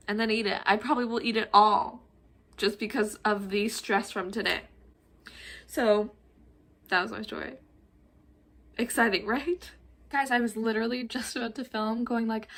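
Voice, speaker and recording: Young woman vlogger, bright and a bit high, lively casual storytelling with cursing. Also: moderate pace. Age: young adult. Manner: animated, swearing, laughs while telling.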